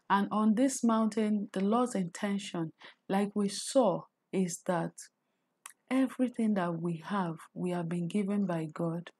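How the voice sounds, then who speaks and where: A woman's voice: medium pitch, warm tone. A woman with a Nigerian accent teaching a faith-based career lesson, earnest and preachy, often repeating words as she builds her point. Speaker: career coach.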